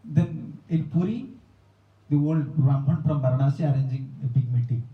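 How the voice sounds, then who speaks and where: A man giving a spiritual talk, telling a story in simple non-native English with lively animation. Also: mid-range voice, moderate pace. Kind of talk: sermon with storytelling. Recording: roomy, distant, dull lo-fi.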